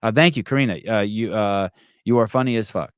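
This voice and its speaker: Low-voiced, profane, rambling male podcast host. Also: brisk, clean tone, no room sound, studio quality. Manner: profane, rambling, self-mocking, with many stammered restarts. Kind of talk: casual live-stream chat, reading viewer comments.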